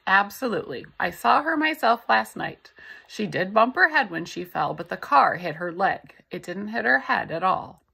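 A woman voicing a gentle, reassuring caregiver. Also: mid-range voice, expressive, moderate pace, vocal fry, husky, full character voice. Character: kind reassuring female caregiver.

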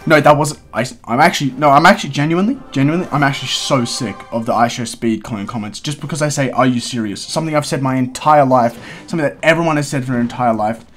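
A man's voice: mid-range voice, fairly bright tone. A young man giving casual live commentary on a mobile strategy game as he plays, talking to himself and breaking into frustrated outbursts. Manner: talks to himself while playing, quick swings into frustrated outbursts. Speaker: gaming content creator.

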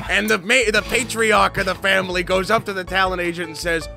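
A man's voice: sits high, normal speed, creaky, long pauses, sharp tone, faint music behind. A man playing a tabletop game, telling a long bawdy joke in character and laughing. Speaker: player.

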